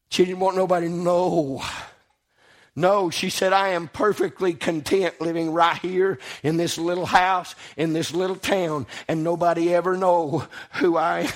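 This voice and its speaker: A man preaching a sermon, impassioned and swinging between loud exclamations and quiet asides. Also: high voice.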